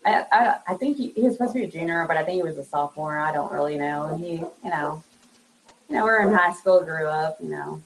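A woman's voice: deep voice, fast, poor audio. A woman in her thirties being interviewed, talking casually with lots of fillers and frequent laughs. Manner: laughs often, chatty with many fillers. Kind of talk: casual conversation.

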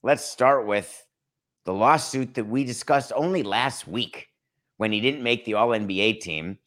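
A man hosting a sports podcast, talking in a dry, mocking tone with deliberate pauses for emphasis. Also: mid-range voice, fairly bright tone. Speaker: podcast host. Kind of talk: sarcastic sports commentary.

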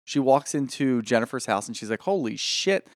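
A man co-hosting a casual podcast chat, opinionated and animated, swearing freely. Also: medium pitch, normal speed, no echo, clean studio sound. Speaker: podcast co-host.

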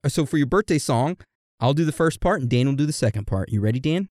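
A man co-hosting a podcast in casual chat, playfully reading out listener messages and birthday shout-outs. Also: medium pitch, lively intonation, quick pace, no echo, studio quality. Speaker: podcast co-host.

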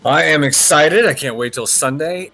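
A man joins a casual sports podcast with upbeat, teasing remarks. His voice is bright and forward. Faint music plays softly beneath. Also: a little high, moderate pace. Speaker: podcast co-host.

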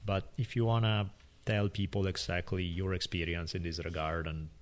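A man's voice: low-pitched, little pitch movement, moderate pace. A man hosting a podcast with a European accent, talking in a loose, rambling, jokey way. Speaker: podcast host. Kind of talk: podcast interview.

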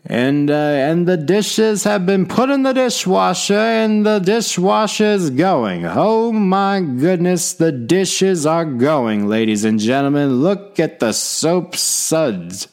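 A man's voice: high-pitched, big pitch swings, slow, few pauses, darkish tone, voice pushed up, exaggerated voice. A man doing an impression of a theatrical male sportscaster, stretching each phrase in a grand announcer delivery. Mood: mock-dramatic.

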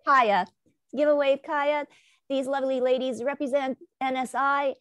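A woman's voice: high-pitched, steady tone, moderate pace, a bit bright, dry recording, clean studio sound. A woman hosting a casual video call chat, chatty and upbeat, laughing easily as she greets her guests. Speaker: host.

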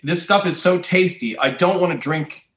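A man's voice: sits high, moderate pace, fairly bright tone. A man co-hosting a podcast, teasing the others with wry, casual banter. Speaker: podcast co-host. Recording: roomy room sound.

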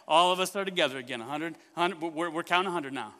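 A man preaching a sermon in church, telling a story with lively questions to the congregation. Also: fairly high pitch, fast talker, few pauses, big-room sound. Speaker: pastor.

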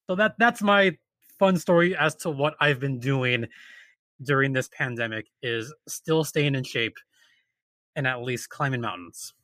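A man casually telling a story, animated and exasperated, acting out the people he quotes. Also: medium pitch, unhurried, dry recording.

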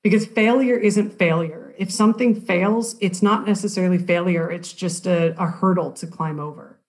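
A woman with a somewhat low voice, appearing as a guest on a podcast. She speaks earnestly and encouragingly in a loose, filler-filled way. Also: normal speed, darkish tone. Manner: earnest, encouraging, uses many "like"s. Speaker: podcast guest, cyclist and hiker. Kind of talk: casual interview chat.

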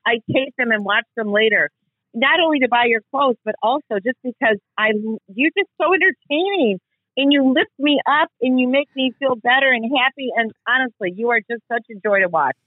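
A woman's voice: sits high, brisk, no room sound. A woman calling in by phone as a guest's mother, gushing and effusive with lots of fillers, heard over a dull line. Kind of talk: phone call into a podcast.

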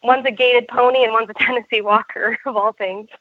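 A woman's voice: fairly high pitch, steady tone, a little fast, no echo, narrow, tinny audio. A woman from Vermont calling in to a radio show, friendly and giggly. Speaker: caller. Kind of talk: casual phone call.

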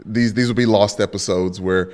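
A man's voice: fairly low pitch, moderate pace, clean tone. Playful young man co-hosting a podcast. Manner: playful, animated storytelling. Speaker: podcast co-host. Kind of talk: casual sports podcast chat.

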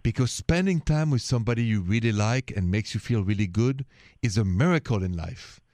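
A middle-aged man with a French accent hosts a call-in radio advice show, talking in a relaxed way and dropping French phrases into his English. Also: on the low side, brisk, dry recording. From France.

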